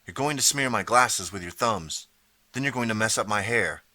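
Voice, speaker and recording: Male reader as a suspicious, scornful schoolgirl, sharp and snappy. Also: on the low side, lively intonation, normal speed, no echo, voice pushed up.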